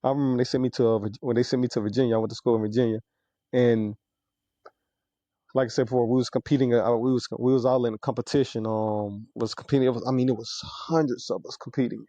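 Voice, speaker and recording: A Mississippi man with a Southern accent, a guest on a podcast. He talks quickly in a mellow, warm tone, rambling and repeating himself as he goes. The audio is dry and somewhat dull. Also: mid-range voice, steady tone, no room sound. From Mississippi, USA. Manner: rapid, rambling, repeats words. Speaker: podcast guest, military veteran. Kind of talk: casual podcast chat.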